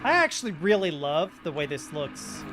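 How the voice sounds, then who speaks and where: Excitable young man streaming a game. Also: on the high side, moderate pace, music in the background. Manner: excitable, yelling, swings between shouting and muttering. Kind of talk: live-streamed gameplay commentary.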